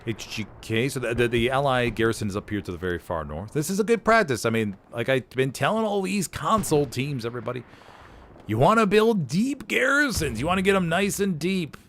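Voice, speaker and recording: A man giving energetic, jokey play-by-play commentary on a competitive war video game, drifting into rambling asides. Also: mid-range voice, brisk, a little hiss or hum. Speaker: esports caster.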